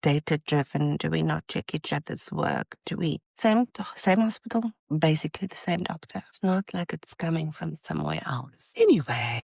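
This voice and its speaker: A woman's voice: sits low, moderate pace, gravelly, hardly any pauses, breathy edge, no echo. Exasperated mother telling a story. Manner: animated, exasperated retelling. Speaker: podcast host, mother. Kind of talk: casual storytelling.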